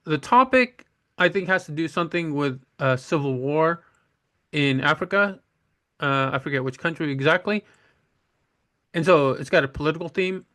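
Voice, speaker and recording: A man's voice: on the high side, expressive, moderate pace, long pauses, fairly bright tone. A man talking through his reading list in a casual on-camera monologue, rambling, blunt and opinionated, often restarting his sentences. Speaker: book vlogger.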